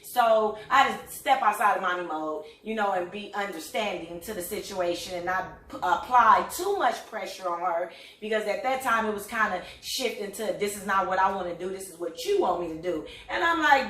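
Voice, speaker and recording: Middle-aged mom hosting a chat, rambling animated storytelling, roomy echo, sitting back from the mic. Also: female voice, mid-range voice, normal speed, few pauses, far from the mic. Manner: animated, chatty storytelling with frequent fillers. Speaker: host. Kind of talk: casual chat. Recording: echoey room, voice a bit off-mic.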